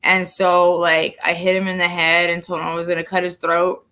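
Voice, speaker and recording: A young woman co-hosting a couple's livestream, telling stories in a blunt, profane, animated way. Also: lowish voice, brisk. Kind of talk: casual chat.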